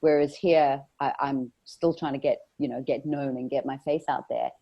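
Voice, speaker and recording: A woman's voice: extremely low pitch, steady tone, moderate pace, mellow, dull audio. A woman with a South African accent, chatting enthusiastically about her life in an interview. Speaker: interviewee, actress and radio presenter. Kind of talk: casual interview chat.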